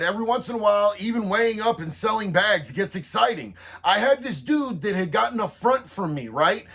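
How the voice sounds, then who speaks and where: Gravelly high-voiced man telling a profane story. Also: fairly bright tone. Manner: blunt, profanity-heavy, streetwise slang. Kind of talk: profane true-crime storytelling monologue.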